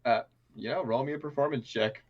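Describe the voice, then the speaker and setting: A man narrating as game master of a tabletop game, often pausing with ums and uhs. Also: medium pitch, muffled recording. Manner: hesitant, many ums and uhs.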